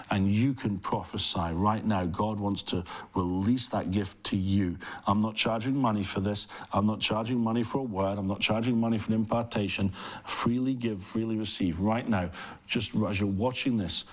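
A middle-aged man preaching a fervent televised sermon, speaking in rhythmic repeated phrases and addressing the viewer directly. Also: lowish voice. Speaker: pastor.

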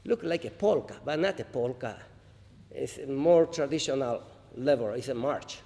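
A man from Paraguay, a harpist, introducing songs on stage in halting, humble English after a Spanish greeting, with pauses and restarts. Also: mid-range voice, lively intonation, warm tone. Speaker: harpist performer. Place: large hall, live audience. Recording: roomy hall reverb, faint ambience.

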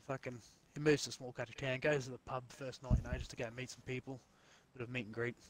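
Swearing gamer telling a joke. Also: male voice, medium pitch, steady tone, fast talker, a little hiss or hum. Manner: swears freely, rambling storyteller. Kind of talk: casual joke telling over voice chat.

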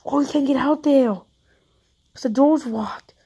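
A woman plays a roleplay game on YouTube and talks her viewers through it live, her voice high, warm, and measured in pace. She's jumpy throughout and keeps repeating panicked no's.

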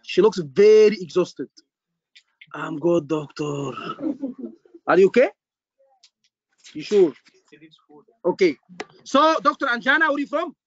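A man teaching an online exam-prep class, lively, repeating points and checking in with his students. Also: high voice, moderate pace, long pauses, no room sound, dull audio. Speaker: medical exam tutor.

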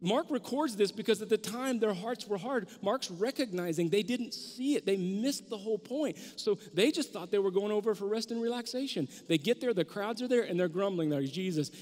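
A male pastor delivers a sermon in a church, his voice pitched high and carrying. He preaches with animation and acts out the disciples in raised, excited tones. The sanctuary adds a long reverb tail to every line.

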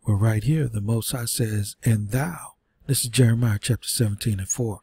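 A man's voice: lowish voice, moderate pace, gravelly, mellow, slightly rough. A man teaching a sermon, reading scripture aloud and breaking in with earnest rhetorical questions. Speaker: preacher.

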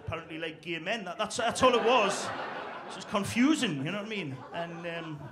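A man's voice: sits high, animated, brisk, background noise. A middle-aged male comedian telling rambling, sweary comic stories and laughing at his own lines. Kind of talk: comic storytelling.

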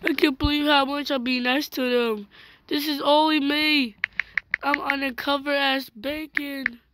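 A woman's voice: high voice, steady tone, a little slow. A woman giving playful game commentary, talking in a dramatic, whiny way with fake crying. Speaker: gaming channel host. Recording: loud background noise.

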